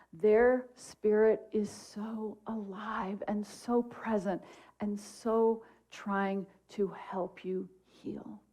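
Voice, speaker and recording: A woman's voice: medium pitch, mellow. A woman guest minister giving a conversational sermon at a church service, telling personal stories in an earnest, heartfelt, chatty way.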